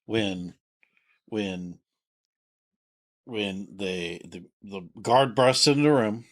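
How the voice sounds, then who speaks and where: A man playing a tabletop game, talking casually and halting, repeating words while he plans his moves. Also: fairly low pitch, fairly bright tone. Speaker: player.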